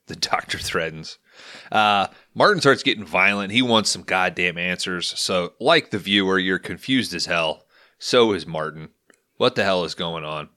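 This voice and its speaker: A man's voice: deep voice, moderate pace, sharp tone. A man hosting a podcast, casually retelling a film's plot with plenty of profanity. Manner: profane, storytelling. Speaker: podcast host. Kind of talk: casual recap of a film.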